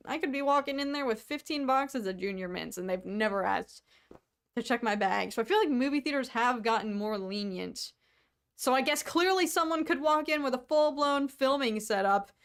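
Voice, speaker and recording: A young woman from the United States, co-hosting a podcast, chatting casually to viewers with quick asides and frequent laughter. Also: on the high side, a bit bright. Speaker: podcast co-host. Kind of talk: casual solo chat to viewers.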